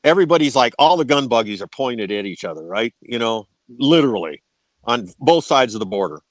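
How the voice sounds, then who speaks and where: A man's voice: medium pitch, expressive, brisk, no room sound. A man telling war stories as a podcast guest, swearing freely and tagging his sentences with "right?". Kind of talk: casual storytelling.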